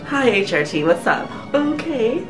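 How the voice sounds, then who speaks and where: A woman's voice: sits low, moderate pace, roomy sound, music in the background. A woman vlogger answering viewer questions in a casual, candid way, often swearing and laughing, from her living room. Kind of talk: casual Q&A chat.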